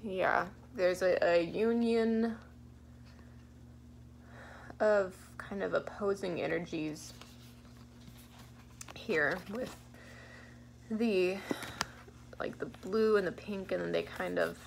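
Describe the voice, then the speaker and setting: A woman's voice: fairly low pitch, takes it slowly, gravelly, pauses often, a little hiss or hum. A young woman giving a casual tarot card reading, laid-back and giggly, thinking aloud with many fillers. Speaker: tarot reader.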